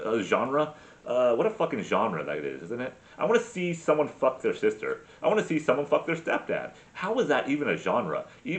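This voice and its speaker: A man rants through a profane comic monologue. He stumbles over fillers and restarts as he goes, and his pitch moves all over the place. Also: a bit bright. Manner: crude, rambling, full of fillers and restarts. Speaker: comedy podcast host.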